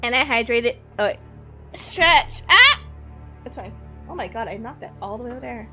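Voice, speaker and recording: A bright, slightly high-voiced young woman chats casually while streaming a game, stumbling over words and correcting herself as she goes. She reads in-game texts aloud into a desk microphone, laughing easily. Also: quick pace, faint music behind. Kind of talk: casual gameplay chat and reading aloud.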